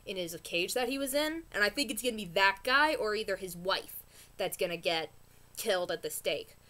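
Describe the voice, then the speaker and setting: A woman with a fairly high voice rants to camera in a casual vlog review. She rambles, restarts, gasps and cries out in excitement, talking straight to her viewers. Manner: excitable, rambling, gasping and exclaiming. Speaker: vlogger reviewing a TV episode.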